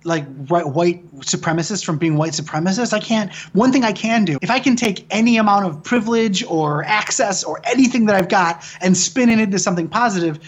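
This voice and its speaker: A man's voice: high-pitched, brisk, hardly any pauses, lo-fi sound. A man in his thirties from Michigan, a filmmaker guest telling stories in casual conversation, swearing often and restarting sentences. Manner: rambling, profane storytelling with frequent restarts.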